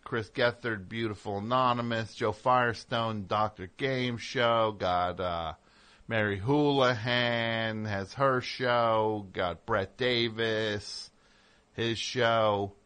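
A man's voice: on the low side, lively intonation, unhurried, fairly bright tone. A middle-aged man hosting a radio show, talking in a digressive, self-interrupting monologue with sarcastic asides. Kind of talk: rambling on-air monologue.

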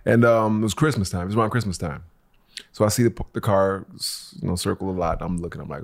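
Deep-voiced man telling a story. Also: a little fast. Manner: animated, swearing, acts out dialogue. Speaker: guest storyteller. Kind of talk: casual storytelling. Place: Los Angeles.

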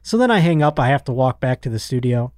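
A man in his thirties hosts a podcast from a studio, telling a long story in a casual, animated way. He slips into other people's voices as he goes. The sound is dry and close. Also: medium pitch, quick pace, no room sound. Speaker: podcast host.

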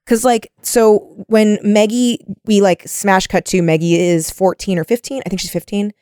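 A woman's voice: medium pitch, fairly even intonation, moderate pace, dark tone, clean tone, dry recording, clean studio sound. Chatty woman retelling a plot. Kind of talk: casual book discussion.

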